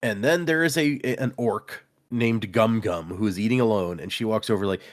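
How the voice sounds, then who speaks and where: A man's voice: fairly low pitch, brisk, hardly any pauses. A man co-hosting a podcast, casually recapping book chapters and acting out characters' lines as he goes. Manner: animated retelling, acts out quotes, frequent laughs. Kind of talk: casual chat.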